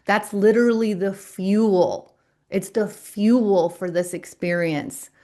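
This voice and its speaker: A middle-aged woman coaching on a live stream, speaking slowly and deliberately in a soothing way to her viewers in the chat. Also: mid-range voice, fairly even intonation, warm tone. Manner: slow, deliberate, soothing delivery. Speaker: spiritual coach and astrologer.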